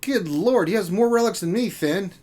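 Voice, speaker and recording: A woman's voice: medium pitch, animated, moderate pace, dark tone. A woman co-hosting a casual gaming livestream chat, laughing often and full of exclamations. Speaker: livestream co-host.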